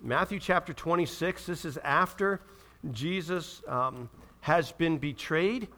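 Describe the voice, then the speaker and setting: Bright-voiced man preaching a sermon. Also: a little high, slow. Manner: preaching with questions to the congregation. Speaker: pastor.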